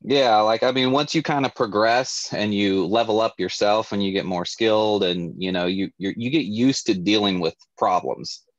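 Low-voiced rambling guy, dry and dull. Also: moderate pace, hardly any pauses, dry recording. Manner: rambling, many fillers like "you know" and "um". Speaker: guest on a sales training show. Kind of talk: casual chat.

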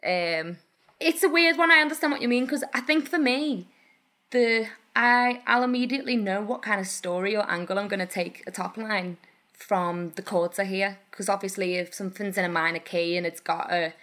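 A young woman chats as a podcast guest, telling stories in an animated way full of ums and likes. Her voice is bright and forward, at a medium pitch. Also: normal speed. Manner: animated, storytelling, filler-heavy. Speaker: guest singer-songwriter. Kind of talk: casual interview chat.

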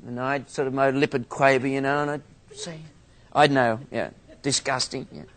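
A man's voice: medium pitch, steady tone, moderate pace, fairly bright tone. A man from Australia with an Australian accent, a minister giving a theology lecture full of humorous, self-mocking stories.

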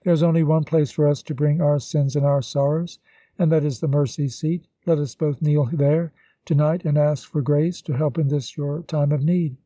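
Man reading motherly devout woman, tender, consoling, pious, mellow dark voice, slightly high. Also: steady tone, normal speed, dry recording, lightly acted, rough recording. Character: kindly motherly older woman, devout counselor.

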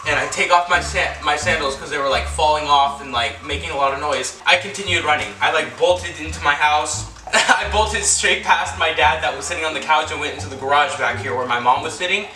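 A young man from California, telling a story at home in an animated, excitable way, full of fillers and acted-out quotes. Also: on the high side, a little fast, few pauses. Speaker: vlogger. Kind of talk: storytime vlog. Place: at home indoors. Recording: echoey room, mic at a distance.

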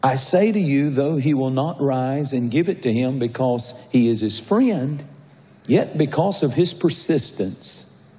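A man's voice: mid-range voice, animated, measured pace, mellow. A male pastor, preaching a sermon in a conversational, jovial way that rises to a fervent reading. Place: large church sanctuary. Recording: echoey church hall.

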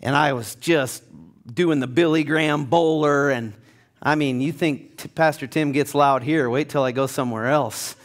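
A man pastor preaching a passionate sermon in a church, building to loud emphatic peaks. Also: a little high, normal speed. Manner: passionate, rising to near-shouting. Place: church sanctuary.

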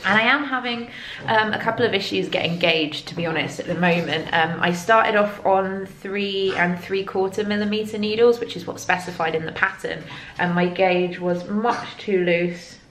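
A congested young woman chatting casually in a vlog, bubbly, and talking to her dog in a high baby voice. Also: fairly bright tone, roomy sound, a little hiss or hum. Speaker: vlogger.

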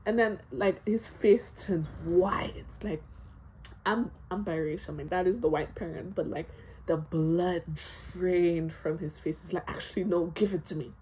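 A young woman telling a storytime vlog, animated, laughing and swearing a lot, with plenty of fillers. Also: lowish voice, a little slow, muffled recording, a little hiss or hum. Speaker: vlogger.

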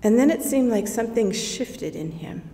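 A woman's voice: on the high side, animated, moderate pace, warm tone, close to an everyday voice. A woman playing a grieving, awestruck sister telling her story in a first-person monologue, slipping into whispers at tense moments. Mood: earnest, awed. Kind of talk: first-person dramatic monologue in a worship service. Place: church sanctuary. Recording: echoey church hall.

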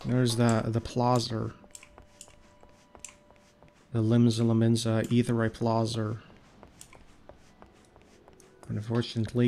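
A man's voice: medium pitch, flat delivery, a little slow, gravelly, darkish tone. Congested man cursing through a game. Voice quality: nasal, blocked-up. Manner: profane, rambling, grumbling at the game. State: stuffy nose, congested. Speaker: gaming streamer. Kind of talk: casual gameplay commentary. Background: faint game music and keyboard typing.

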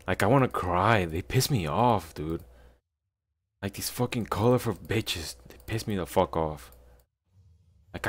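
A man giving casual gaming commentary, swearing often and complaining in frustration. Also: fairly low pitch. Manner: profane, frustrated trash talk. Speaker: gameplay streamer.

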